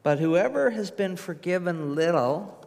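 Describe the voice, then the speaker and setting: A man reading aloud the words of a calm male teacher who rebukes his host, in an earnest, plain way. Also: high voice, unhurried, gravelly, heavily acted. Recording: reverberant hall.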